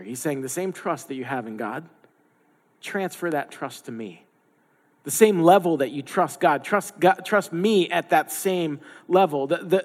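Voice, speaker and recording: Guy preaching a sermon, chatty, acts out the people he quotes, kinda high voice, big echoey church hall. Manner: conversational, acts out quoted voices with playful asides. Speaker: pastor. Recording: long hall reverb.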